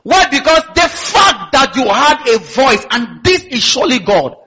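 A man's voice: very high voice, sing-song, a little slow, sharp tone, slightly rough, muffled recording. A man preaching a sermon in an emphatic style, with call-and-response asides to his congregation. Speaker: pastor.

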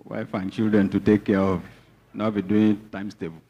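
A man's voice: fairly low pitch, flat delivery, moderate pace, slightly rough, muffled recording. A man with a Nigerian accent, preaching a sermon as pastor, mixing teasing asides to the congregation with emphatic teaching.

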